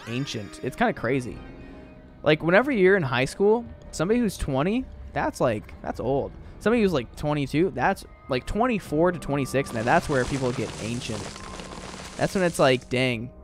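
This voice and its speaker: A man in his twenties casually chatting with his chat while playing a video game. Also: on the high side. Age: 20s. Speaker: gaming streamer. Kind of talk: casual live stream commentary.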